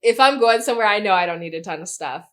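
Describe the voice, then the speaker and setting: A woman's voice: mid-range voice, fast talker. A woman guest on a travel podcast, chatting casually and chiming in with short replies. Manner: relaxed, chimes in with short backchannels. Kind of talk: casual chat.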